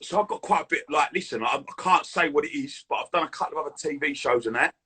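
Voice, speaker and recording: A man chatting casually as a guest, full of quick banter and a husky edge. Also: a little high, sharp tone. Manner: fast, chirpy banter with lots of "mate". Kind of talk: casual chat.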